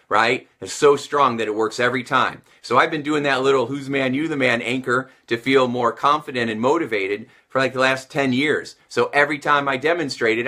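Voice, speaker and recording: With a bright, forceful tone at medium pitch, a male sales and communication coach addresses the camera directly. He's energetic and motivational, using repetition to hammer his points home.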